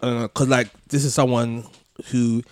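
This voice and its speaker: A man telling a long personal story on a podcast, full of restarts and soft laughs. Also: mid-range voice, level tone, moderate pace, dry recording, studio quality. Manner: rambling, many restarts, laughs between phrases. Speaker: podcast co-host. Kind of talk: casual storytelling chat.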